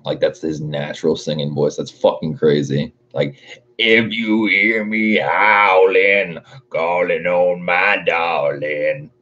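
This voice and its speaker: Very deep-voiced casual male streamer. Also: darkish tone, muffled recording. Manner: laid-back, profane, reads chat comments aloud. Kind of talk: casual livestream chat.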